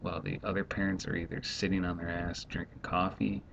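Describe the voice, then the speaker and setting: A man's voice: level tone, gravelly, a bit bright. A man in his thirties, a stay-at-home dad, rambling and exasperated in a casual vlog monologue. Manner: rambling, exasperated, quickly acts out others. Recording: dull lo-fi home recording, faint rumble.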